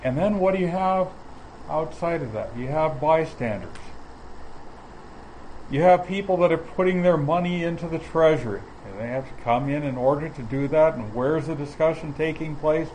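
A man teaching from the Bible in a measured, explanatory way, often pausing mid-phrase. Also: a little high, darkish tone, slight background noise, poor audio. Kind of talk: sermon.

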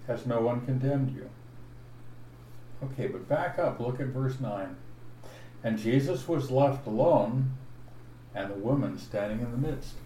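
A man preaching an expository Bible sermon, teaching slowly and deliberately and stressing each verse he points to. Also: medium pitch, dark tone. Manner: slow, deliberate teaching with emphatic verse references. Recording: echoey room, voice from afar, faint noise.

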